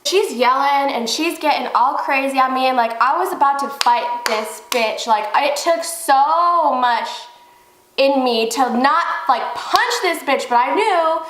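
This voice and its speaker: A young woman vlogger telling a story in a casual, animated way, swearing freely. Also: sits high, measured pace, reverberant, a little hiss or hum, low-quality recording. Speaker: beauty vlogger.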